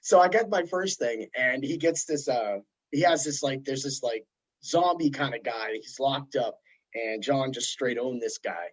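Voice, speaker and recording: A man hosting a podcast, chatting casually in a rambling, animated way. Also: mid-range voice, unhurried. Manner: rambling, animated storytelling with put-on voices. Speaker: podcast host. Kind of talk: casual chat. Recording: dull lo-fi sound.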